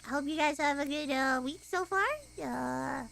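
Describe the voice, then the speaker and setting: A woman's voice: sits high, normal speed, gravelly, fairly bright tone, a little hiss or hum. A woman streamer chatting tiredly at the end of a long game stream, crude and jokey. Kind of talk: casual livestream chat.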